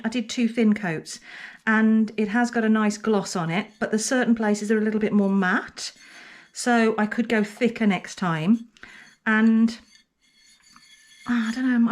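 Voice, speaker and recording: A middle-aged woman potter chatting casually to camera in her pottery studio, talking herself through her work. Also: fairly high pitch. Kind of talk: casual vlog narration.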